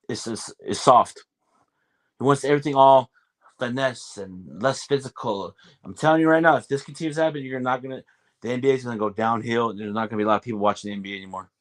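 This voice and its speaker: Fired-up man ranting about basketball. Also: mid-range voice. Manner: animated, fired-up, acts out players and referees. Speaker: basketball commentator. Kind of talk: casual sports rant.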